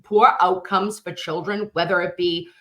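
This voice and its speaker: Woman guest, true crime creator, lowish voice, rambling delivery with restarts. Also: fairly even intonation, moderate pace, pushed and bright. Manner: rambling, restarts sentences often. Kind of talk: conversational interview.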